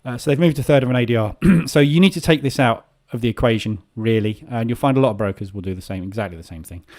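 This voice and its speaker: A man's voice: medium pitch, fast talker, darkish tone. A man hosting a live trading session, talking casually and rambling with many filler sounds. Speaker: trading room host. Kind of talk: live market commentary.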